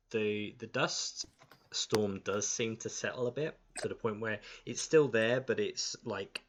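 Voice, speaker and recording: A man narrating a tabletop game as game master, unhurried, with many fillers. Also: on the low side, slight background noise.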